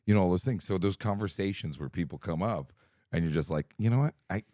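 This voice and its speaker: A man co-hosting a podcast, trading quick teasing banter and reflective asides. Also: low voice, mellow, dry recording, studio quality. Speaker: podcast co-host. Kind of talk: casual chat.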